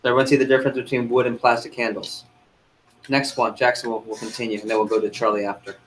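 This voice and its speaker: A man's voice: medium pitch, flat delivery, quick pace, a bit bright, rough recording. A man running a sales training seminar, coaching the group and firing questions at them.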